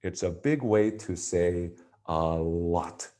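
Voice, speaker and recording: A man from the United States, an English teacher, giving a relaxed grammar lesson and checking in with "right?" after each point. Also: low-pitched, slow.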